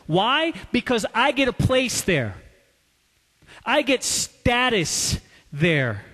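A man preaching a sermon, swinging from loud, urgent passages to hushed, quiet asides. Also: fairly high pitch, long reverb tail. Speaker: pastor.

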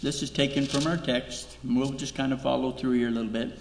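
A man's voice: medium pitch, fairly even intonation, a little fast, vocal fry. A man preaching a sermon as pastor, emphatic, repeating key words and asking rhetorical questions. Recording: echoey hall reverb.

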